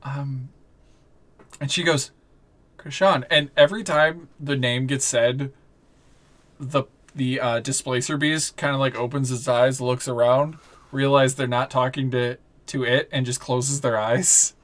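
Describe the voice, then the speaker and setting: A game master narrating a tabletop game in a relaxed, rambling way with many fillers. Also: medium pitch, unhurried.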